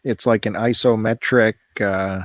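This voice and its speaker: A man's voice: lowish voice, fairly even intonation, measured pace, no echo. Teasing male podcast host, dry sound. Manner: joking, teasing, sarcastic. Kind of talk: casual podcast chat.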